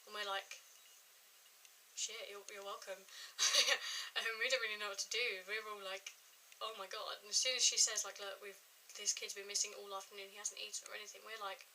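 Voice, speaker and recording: A woman's voice: medium pitch, fairly even intonation, brisk, bright, forceful tone, a little hiss or hum, poor audio. A young woman telling a true story to camera in a chatty vlog style, full of "like" and acted-out quotes. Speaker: vlogger.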